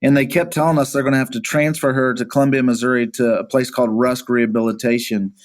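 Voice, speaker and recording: A man's voice: mid-range voice, level tone. Earnest man telling a personal story. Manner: earnest, halting, repeats words while recounting. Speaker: pastor, podcast guest.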